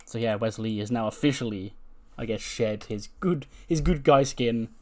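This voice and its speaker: A man gives casual, rambling commentary on a wrestling management game. He recounts the action loosely and laughs often between points. His voice sits at an ordinary middle pitch. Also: normal speed.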